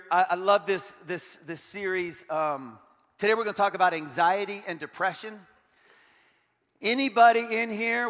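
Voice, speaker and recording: A middle-aged man preaching as a guest pastor, lively and joking, turning earnest. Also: high-pitched. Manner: energetic and joking, switching to earnest. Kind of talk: sermon. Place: large church hall. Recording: long hall reverb.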